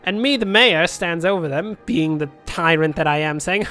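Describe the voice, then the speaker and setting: A man's voice: on the high side, normal speed, sharp tone, soft background music. A man commentating a city-building game in a rambling, jokey storytelling manner. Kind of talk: let's play commentary.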